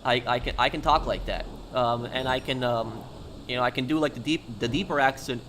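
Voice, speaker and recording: A man's voice: medium pitch, moderate pace, fairly bright tone, a little hiss or hum. A man chatting casually on a live game stream, talking straight to his viewers and answering them.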